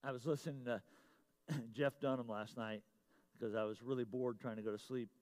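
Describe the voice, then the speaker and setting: A middle-aged pastor preaches a sermon in a medium-pitched, steady voice at normal speed. He shifts between loud, emphatic lines and quiet, confiding asides, repeating his key phrases.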